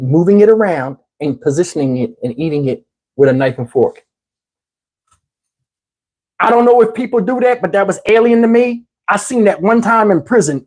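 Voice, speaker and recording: A man telling a story in a casual, animated way, swearing freely and acting out what people said. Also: high voice. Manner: animated, profane, acts out quotes. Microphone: wireless lapel mic.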